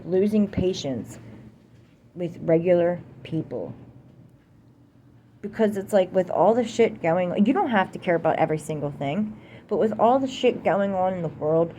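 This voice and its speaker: A woman's voice: on the low side, dark tone, a little hiss or hum. A young American woman delivering a heated, profane political rant to camera, repeating herself for emphasis. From United States. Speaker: vlogger.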